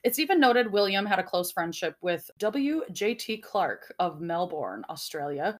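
A woman's voice: fairly low pitch, expressive, unhurried, few pauses. A woman hosting a podcast, reading out a mystery in a casual, jokey way with frequent laughs and swearing. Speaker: podcast host.

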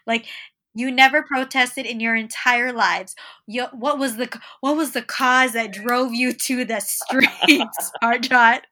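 A young woman with a bright, tense, fairly high voice chats casually on a podcast. She is sarcastic and laughs often, and talks over a remote call from home. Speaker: podcast co-host. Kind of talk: casual chat.

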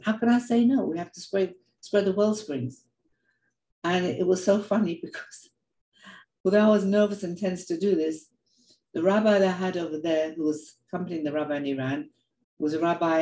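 An older woman giving a heartfelt personal talk, telling stories in an earnest, animated way and often repeating words. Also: fairly low pitch, roomy sound, poor audio. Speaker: speaker sharing reflections.

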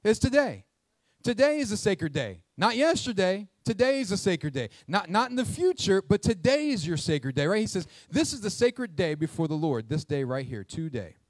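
Male pastor, energetic call-and-response sermon; high-pitched, dry close recording. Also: no echo. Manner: energetic call-and-response preaching, asks the congregation questions; jokes aside in a quiet, quick low voice. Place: church sanctuary with congregation.

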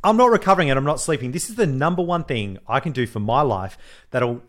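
A man's voice: medium pitch, fast talker. A man, co-hosting a podcast in casual, laughing banter. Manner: animated, swearing, laughing banter. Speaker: podcast co-host. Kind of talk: casual chat.

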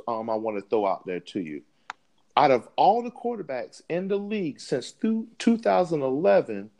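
A man co-hosting a sports podcast pushes his side of a debate, stressing and repeating words for emphasis. His voice is medium-pitched and a little mellow.

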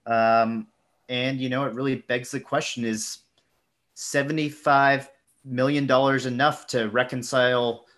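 A man's voice: medium pitch, fairly even intonation, a little slow, a bit bright. A young man co-hosting a casual podcast, teasing and crude, full of mock insults. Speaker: podcast co-host.

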